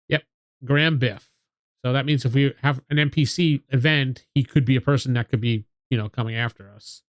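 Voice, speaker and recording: A man's voice: medium pitch, fairly even intonation, moderate pace, no room sound, clean studio sound. A man playing a tabletop game with a friend, thinking aloud as he works out rulings. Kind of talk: casual tabletop game play.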